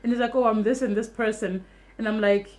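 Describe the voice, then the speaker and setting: Young woman vlogger, rapid animated storytelling, salty language, casual. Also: fairly high pitch. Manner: fast, animated storytelling, swears freely.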